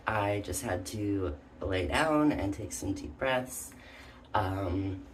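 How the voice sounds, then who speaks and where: A faint hiss or hum accompanies a mid-range voice in this casual personal vlog. The speaker sounds out of breath and hesitant, leaning heavily on "um" and "like."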